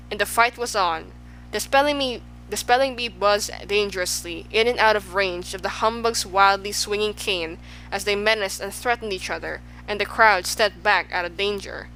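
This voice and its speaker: A woman reading a children's storybook aloud as the narrator, lively and expressive. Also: mid-range voice, moderate pace, soft background music, low-quality recording. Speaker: audiobook narrator.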